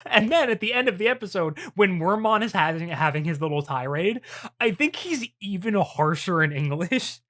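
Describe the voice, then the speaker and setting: A co-host leading a casual podcast chat in a relaxed way, swearing freely and laughing often. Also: mid-range voice, normal speed.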